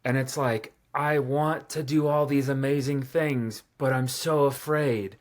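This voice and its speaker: A man's voice: mid-range voice, steady tone, unhurried. A man in his thirties, a podcast guest, telling personal stories casually with lots of fillers and a self-deprecating tone. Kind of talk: casual storytelling interview.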